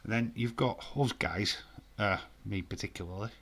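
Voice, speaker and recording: A man's voice: lowish voice, normal speed, fairly bright tone. A man with a Yorkshire accent hosting a live stream, chatting in a jokey, laid-back way, with frequent fillers and swearing. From Yorkshire, northern England. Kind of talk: casual live stream chat.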